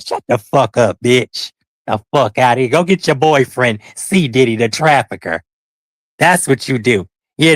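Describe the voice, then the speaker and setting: A man's voice: on the high side, a bit bright, no echo. A man streaming commentary, who rants at someone and taunts them with profanity. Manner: profane, taunting, confrontational ranting. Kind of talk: livestream commentary.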